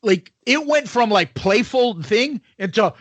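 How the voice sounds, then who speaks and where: A man's voice: high-pitched, lively intonation, measured pace, a bit bright, dry recording. A man co-hosting a podcast in casual chat, telling a crude college story with lots of swearing and laughter. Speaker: podcast co-host.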